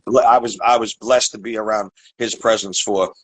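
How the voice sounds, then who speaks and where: A man's voice: lowish voice, steady tone, moderate pace, husky, poor audio. A man from Staten Island with a heavy New York accent, a rapper chatting bluntly as a podcast guest over a video call. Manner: blunt, streetwise, swears freely. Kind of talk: casual chat.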